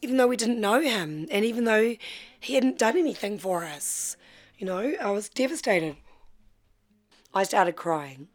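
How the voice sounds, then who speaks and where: A woman, telling her life story in a candid, heartfelt way with halting restarts. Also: mid-range voice, animated, soft background music. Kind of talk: personal storytelling.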